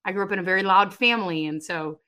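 A middle-aged woman speaks as an interview guest, sharing a personal faith testimony. Her pitch sits mid-range, and her delivery is emphatic and animated, swelling into sudden loud bursts when she stresses a point. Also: fast talker. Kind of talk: conversational testimony.

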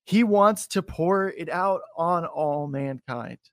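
A young man hosting a faith interview, talking in an energetic, encouraging, rambling way with many fillers. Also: fairly high pitch, takes it slowly, no room sound, clean studio sound. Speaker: podcast host. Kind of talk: animated faith interview chat.

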